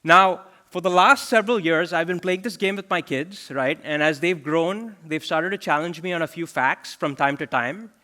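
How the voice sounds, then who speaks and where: Bright-voiced man giving a keynote. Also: fairly high pitch, moderate pace, hardly any pauses. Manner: conversational, asks the audience questions. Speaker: chief product officer giving a keynote. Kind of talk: conference keynote speech. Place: large conference hall.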